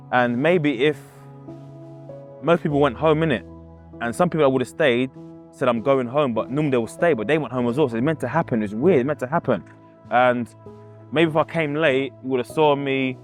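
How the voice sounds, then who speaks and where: A man's voice: medium pitch, brisk, soft background music. Man telling a painful story. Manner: casual, acts out quoted voices, repeats himself. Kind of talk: emotional personal storytelling.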